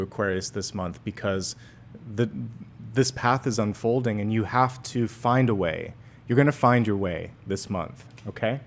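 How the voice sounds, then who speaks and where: A man who works as a tarot reader and medium, giving an earnest, gently encouraging monthly forecast with pauses and fillers. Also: medium pitch.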